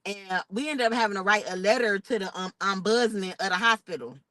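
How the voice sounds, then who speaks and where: A young woman, telling a personal story in a casual vlog, animated and expressive. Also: mid-range voice, brisk, dry recording, low-quality recording. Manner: animated, expressive retelling with outraged quoted asides. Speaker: vlogger.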